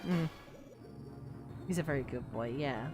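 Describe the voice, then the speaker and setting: A woman's voice: a bass voice, unhurried, over music. A woman chatting casually on a live gaming stream from her home studio, swearing now and then. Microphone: studio microphone.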